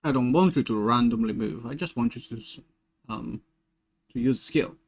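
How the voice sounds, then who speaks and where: A man streaming game development, thinking aloud in a casual, halting way as he works through code. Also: medium pitch, animated, gravelly, slightly rough. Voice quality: muttering to himself, halting restarts.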